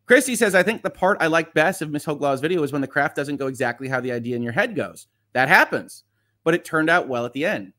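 Fast-talking man reading viewer chat. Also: fairly high pitch, lively intonation, sharp tone. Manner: fast-talking, chatty, reads comments aloud. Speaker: lawyer and livestream host reading viewer chat. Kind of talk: casual livestream chat.

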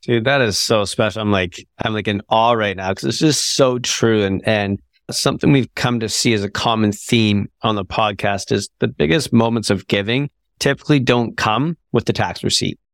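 A man's voice: fairly low pitch, normal speed, few pauses, fairly bright tone, dry recording, clean studio sound. A man hosting a podcast who asks questions in an enthusiastic, encouraging way. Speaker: podcast host. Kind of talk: casual interview chat.

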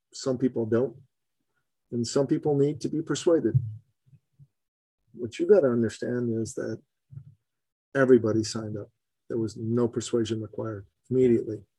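A man in a podcast interview, telling a story with chummy energy and animated pitch leaps. His voice sits mid-range and is recorded dry and close, with no room sound. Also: slightly rough, dry recording, rough recording. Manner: animated, swings pitch widely for emphasis; chummy, calls the host buddy and brother. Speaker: entrepreneur guest.

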